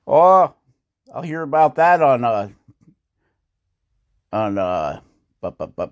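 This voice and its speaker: A casual male voice-over from a hobby woodcarver, explaining each step as he goes. He rambles, chuckles often and is quick to poke fun at his own skill. His pitch sits at an ordinary middle height for a man. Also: big pitch swings. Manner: rambling, chuckling, self-deprecating. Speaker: woodcarving channel host.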